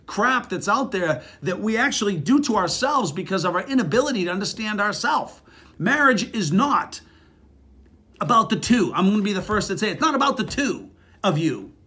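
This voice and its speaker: A middle-aged man giving blunt, crude relationship advice as a casual motivational talk, animated and swearing freely. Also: on the high side. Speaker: relationship speaker.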